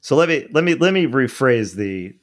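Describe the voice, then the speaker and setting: A man interviewing a guest in casual chat, halting and rephrasing with many restarts. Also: mid-range voice, big pitch swings. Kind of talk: casual conversation.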